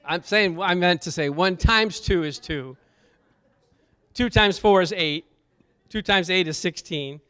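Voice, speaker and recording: A middle-aged man preaching a sermon, animated and jokey, asking the congregation questions and bursting into loud praise. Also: high voice, measured pace, long pauses, smooth. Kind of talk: sermon teaching with slides.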